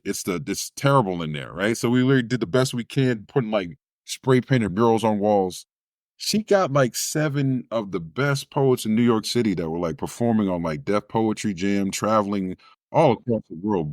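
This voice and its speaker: A man's voice: on the low side, no room sound, clean studio sound. A man, a spoken word poet, telling a personal story in an interview and acting out the other people's voices as he goes. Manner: animated storyteller who acts out quoted voices.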